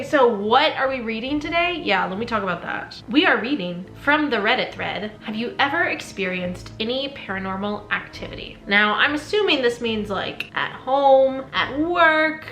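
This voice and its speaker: A woman's voice: on the high side, bright, forceful tone. A young woman chatting in a bubbly, giggly way at home while doing her skincare and reading scary stories aloud. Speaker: skincare and scary-story vlogger. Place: home room. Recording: roomy echo with faint background music.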